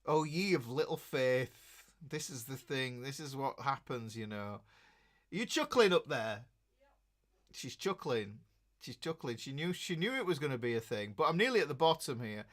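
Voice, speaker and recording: A man's voice: a little high, a bit bright. Chatty middle-aged Yorkshire man. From Yorkshire, England. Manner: jokey, chatty and rambling, greeting viewers by name. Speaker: guitar teacher hosting a livestream. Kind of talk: casual livestream chat.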